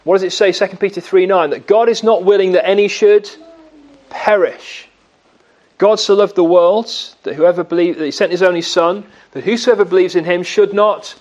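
A man's voice: darkish tone, dull audio. A man preaching a sermon in an earnest way, with dramatic rises and drops in his voice. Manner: earnest, with dramatic swings in pitch and volume.

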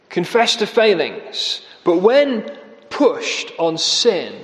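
A man preaching a sermon. He speaks with sarcasm and mocks his quoted lines by lifting his voice. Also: fairly bright tone. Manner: sarcastic, mocking quotes with rising pitch. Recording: echoey hall.

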